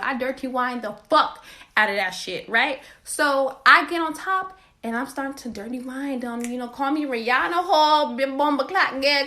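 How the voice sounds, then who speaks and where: A woman hosting a podcast and telling a personal story in a blunt, profane, animated way. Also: high voice. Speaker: podcast host. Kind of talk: candid storytelling monologue.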